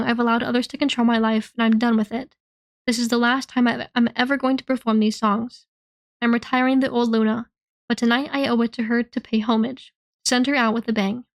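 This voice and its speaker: A woman reading a novel aloud in the first person, telling the story in an expressive, earnest way. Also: on the high side. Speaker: reader.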